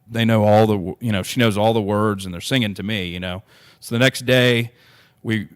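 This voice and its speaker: A man, a guest on a podcast, recounts a personal story in an earnest, rambling way. He restarts his sentences often and leans on "you know". His voice sits a little low. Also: brisk, clean tone.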